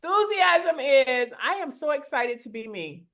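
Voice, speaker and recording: Animated, high-voiced woman co-host. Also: unhurried. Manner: animated, playful storytelling. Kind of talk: motivational live chat.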